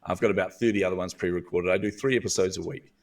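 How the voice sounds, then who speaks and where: New Zealand male guest, earnest storyteller, lowish pitch, mic at some distance. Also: fairly even intonation, fast talker. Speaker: guest, visibility coach. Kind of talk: storytelling in a podcast interview.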